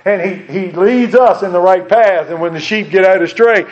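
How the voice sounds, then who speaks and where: A man with a high voice preaches an earnest sermon, quoting scripture and speaking straight to his listeners. The recording is dull and lo-fi. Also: moderate pace. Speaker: pastor.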